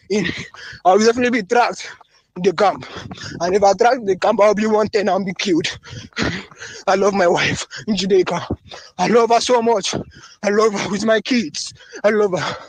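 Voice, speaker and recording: A man's voice: sits high, husky, no room sound. A man from northern Nigeria, making a fervent, pleading appeal in a phone voice recording, hammering the same phrases again and again. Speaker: voice-note caller. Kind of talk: impassioned voice-note appeal.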